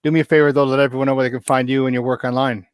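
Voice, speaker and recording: A man's voice: medium pitch, little pitch movement, very fast, a little hiss or hum. A man hosting a sports talk show, upbeat and chummy as he wraps up and thanks his guests. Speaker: sports talk radio host.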